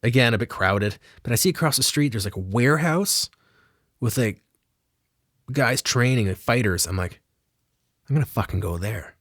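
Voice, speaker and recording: A man's voice: mid-range voice, expressive, normal speed, fairly bright tone, no echo, studio quality. A man telling a rambling, self-mocking comic story with lots of swearing.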